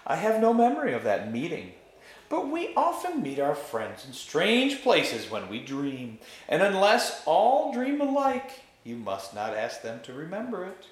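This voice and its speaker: A man voicing a scheming witch queen in a soft, soothing, musical way, read aloud in a roomy space. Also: a little high, wildly swooping pitch, unhurried, pitched above the performer's own voice. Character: sweet-voiced scheming witch queen, woman.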